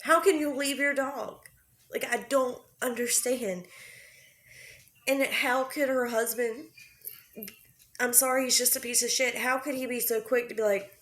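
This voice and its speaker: A young woman with a fairly high voice rants to her viewers in casual, heated commentary. She is blunt and angry and swears freely. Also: steady tone, measured pace, long pauses, fairly bright tone. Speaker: YouTube commentary host.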